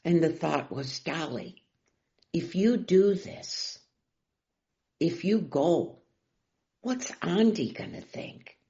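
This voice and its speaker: Gravelly middle-aged woman sharing at a recovery meeting, slow, goes loud then whispery, muffled lo-fi sound. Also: lowish voice. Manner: emotional, swings from loud to whispered. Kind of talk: personal recovery share.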